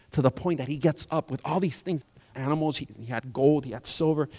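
A man pastor preaching a sermon in a church, animated and acting out the people in his story. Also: on the high side. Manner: animated, acts out quoted voices. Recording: long church hall reverb.

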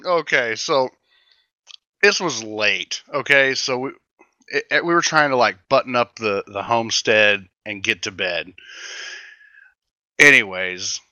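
Bright, animated man telling a game story. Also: medium pitch, a little slow, long pauses, no echo, lo-fi sound. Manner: animated retelling, acting out others' lines. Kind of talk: casual storytelling about a roleplay game.

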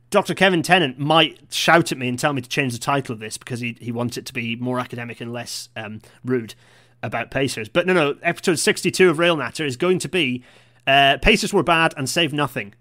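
A man's voice: mid-range voice, fast talker, pushed and bright. A man hosting a live-streamed podcast, chatty and self-deprecating, with frequent apologetic asides. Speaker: podcast host.

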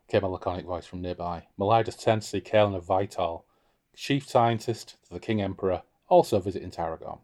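Low-voiced man reading aloud. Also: a little fast. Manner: expressive reader, lifts voice for quoted characters. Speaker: podcast co-host reading and discussing a novel. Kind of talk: casual book-club chat with read-aloud passages.

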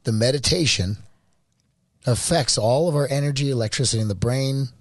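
Excitable, scattered man on a podcast. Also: mid-range voice, a little fast, no room sound, clean studio sound. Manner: excitable, scattered, laughs often. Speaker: guest, meditation program founder. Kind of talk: casual podcast chat.

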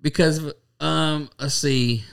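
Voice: mid-range voice, steady tone, slow pace, creaky, smooth. A podcast co-host chatting casually, blunt and profane, with loose rambling sentences. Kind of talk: casual chat.

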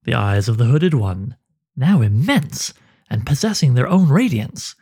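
A man narrating a dark fantasy story in a slow, measured way. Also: mid-range voice, very animated, breathy edge.

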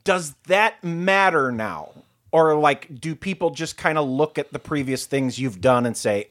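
A man hosting a podcast, asking his guest questions in an unhurried, curious way. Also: a little high, lively intonation, fairly bright tone. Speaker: podcast host. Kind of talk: casual podcast interview.

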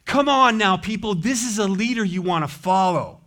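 Male pastor, high-pitched voice, passionate sermon delivery, loud then quiet. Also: lively intonation, normal speed. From United States. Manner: impassioned preaching, swinging from loud exhortation to soft, low asides.

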